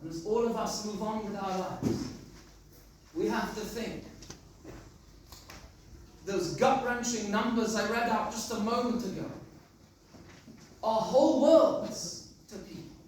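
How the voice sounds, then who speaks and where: A man's voice: high voice, slow, long pauses, a little hiss or hum. A man, a rabbi, giving a sermon and telling stories with emphatic, reflective delivery. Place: large synagogue hall. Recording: echoey synagogue from far off.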